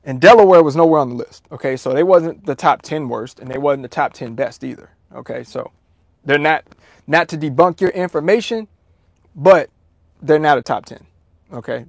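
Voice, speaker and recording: A man hosting a casual livestream, talking to his chat in an animated, profane, repetitive way. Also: on the high side, no room sound, clean studio sound. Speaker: livestream host answering chat.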